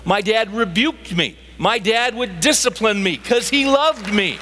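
High-voiced preacher in an echoing hall. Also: male voice, lively intonation, measured pace, crowd noise, background noise. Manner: emphatic, with rhetorical questions to the audience. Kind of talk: sermon. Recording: long hall reverb.

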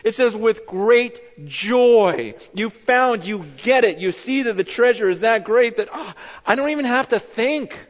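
A man preaching a lively sermon with a fairly high voice. He slips into the voices of the people in his stories as he goes. The sound is muffled and rings with the long echo of a large hall. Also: normal speed, hardly any pauses. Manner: animated, acts out bible figures in his telling. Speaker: pastor.

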